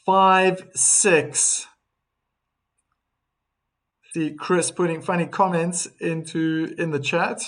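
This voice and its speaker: This male tennis streamer commentates live, relaxed between rallies but more animated when a big shot lands, and he reads the chat aloud. He speaks on the higher side, very slowly, with long pauses.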